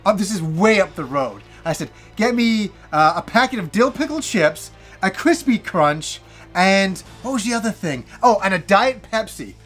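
A high-pitched man in his forties tells a rambling personal story on his gaming channel. He talks in an animated, self-mocking way and swears freely. Faint music plays behind him. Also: normal speed. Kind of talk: casual storytelling monologue.

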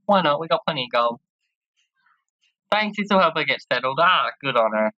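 A let's-play host, a woman with a low-pitched, animated voice at a moderate pace, chats and giggles casually while playing a game. She reads character lines aloud and tries out playful voices, and the recording has no room sound but a slightly dull lo-fi quality.

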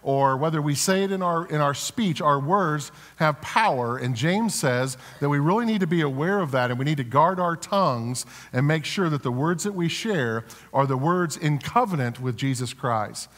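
A male pastor preaching in a casual, storytelling way, often restarting phrases and tossing rhetorical questions to the congregation. His voice sits fairly high for a man. It rings with a long reverb through a church sanctuary. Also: expressive, moderate pace, hardly any pauses, a bit bright. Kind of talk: sermon.

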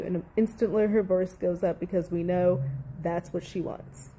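A woman's voice: fairly low pitch, unhurried, noisy background. A woman giving heated reaction commentary on audio clips, blunt, profane and exasperated.

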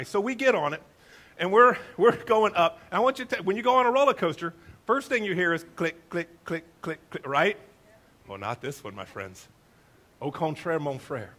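A middle-aged male pastor telling a funny story in a sermon, with a lively, self-mocking manner. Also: sits high.

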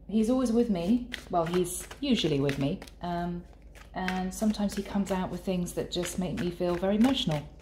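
A woman giving a channeled tarot reading in an earnest, soft and sometimes emotional way. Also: fairly low pitch, noisy background. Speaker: tarot reader. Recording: echoey room with faint ambience.

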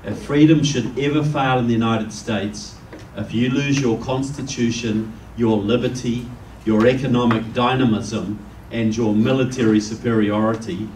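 A man's voice: medium pitch, fairly even intonation, moderate pace, few pauses, a little mellow, a little hiss or hum. A man from New Zealand with a New Zealand accent giving a public speech to a live audience, telling stories and jokes in a conversational way. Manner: conversational storyteller, jokes with the crowd. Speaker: guest speaker. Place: meeting room with an audience. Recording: echoey room, distant mic.

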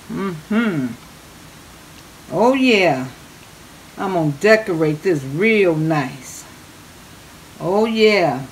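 A woman cooking on camera in a playful style, drawing out her "oh yeah"s and calling her viewers babies. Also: on the low side. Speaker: cooking vlogger. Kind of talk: cooking demo with chatter. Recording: noisy home kitchen recording.

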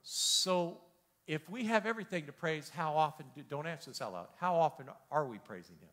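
Animated, bright-voiced male pastor. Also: a little high, fairly quick. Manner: animated, jokey, exclaims and repeats words. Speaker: pastor teaching a Bible study. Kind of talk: lively sermon-style teaching. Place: church hall.

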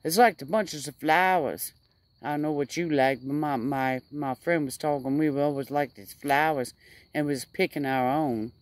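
A woman's voice: low voice, normal speed, no room sound. A woman rambling casually to her camera outdoors by a fire, stretching out her words for emphasis. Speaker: vlogger.

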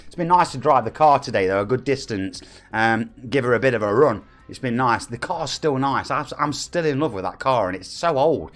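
A man's voice: medium pitch, expressive, brisk, hardly any pauses, a bit bright. A man in his forties with an East Midlands English accent, chatting upbeat with viewers and reading out their names during a live game stream. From England. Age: 40s.

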